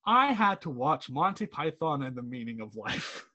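A young man chatting casually as co-host while watching a movie, animated, swearing and laughing a lot. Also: fairly high pitch, normal speed. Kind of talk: casual movie commentary chat.

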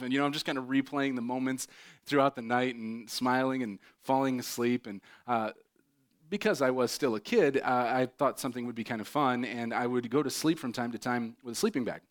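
A man's voice: medium pitch, a little fast. A man in his thirties, a pastor preaching a sermon and telling a funny personal story with lots of fillers. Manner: animated, self-mocking storyteller with many fillers.

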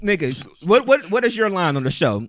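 A man co-hosting a podcast in casual banter. He swears freely, gets excited, and laughs often. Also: high-pitched, normal speed, very noisy. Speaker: podcast co-host.

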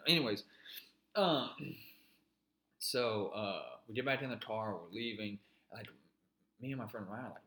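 A man's voice: on the low side, lively intonation, moderate pace, pushed and bright, reverberant. Profane rambling man telling a story. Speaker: podcast co-host. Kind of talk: casual storytelling chat.

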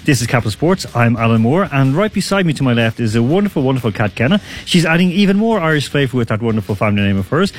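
A man's voice: medium pitch, big pitch swings, fast, few pauses. A man hosting a sports radio show in a studio, chatting casually, joking and rambling with lots of restarts. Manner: rambling, jokey, full of fillers and restarts.

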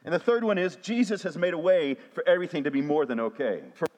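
A man's voice: fairly high pitch, sing-song, quick pace, darkish tone. A man, a pastor preaching a sermon with call-and-response refrains. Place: church sanctuary. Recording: long hall reverb.

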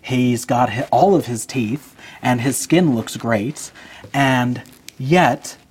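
A man's voice: mid-range voice, takes it slowly, breathy edge. A man in his twenties, a podcast guest, earnestly telling a personal story.

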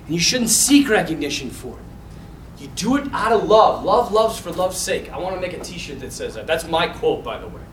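A man with a high, bright voice teaches a Bible class in a loose, animated way, full of fillers and restarts. The room is echoey and he is some distance from the mic. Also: normal speed, slight background noise. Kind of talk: casual teaching talk to a mixed group.

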